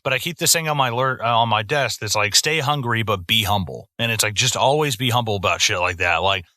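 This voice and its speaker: A man in his twenties talks in a loose, swearing rant, co-hosting a film podcast. His voice is bright, with a sharp edge. The sound is dry and close to the mic. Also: lowish voice, fairly quick, no room sound. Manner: profane, ranting, jumps into mock voices. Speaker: podcast co-host. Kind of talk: casual film-review chat.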